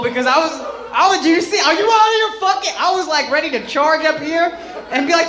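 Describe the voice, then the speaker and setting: A man's voice: extremely high pitch, lively intonation, quick pace. A man in his thirties doing stand-up crowd work, brash and profane, swinging into mock outrage. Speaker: stand-up comedian. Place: comedy club stage with live audience. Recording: echoey club with loud crowd laughter.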